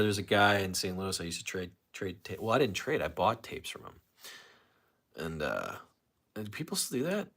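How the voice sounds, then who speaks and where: A man's voice: fairly low pitch, fairly bright tone. A man hosting a casual solo livestream, rambling and reading viewer comments aloud with frequent restarts. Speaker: livestream host.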